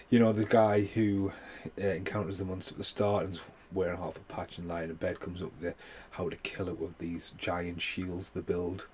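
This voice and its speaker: A man's voice: low-pitched, darkish tone, a little hiss or hum. A man giving a rambling, heavily sworn casual film review, full of fillers. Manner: swears a lot, rambling with many fillers. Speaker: movie reviewer.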